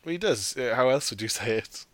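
A man hosts a casual film review, mocking the characters and laughing through his sentences. His voice sits at an ordinary middle pitch. The sound is close and dry, with no room around it. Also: animated, a little fast, a bit bright, dry recording. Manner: swears freely, mocks characters in put-on quotes, laughs while talking. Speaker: podcast host.

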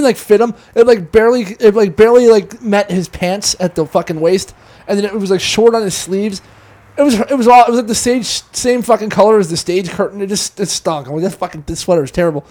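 A man's voice: high voice, a little mellow. A man hosting a podcast, telling a long, profane, rambling story in casual chat. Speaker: podcast host.

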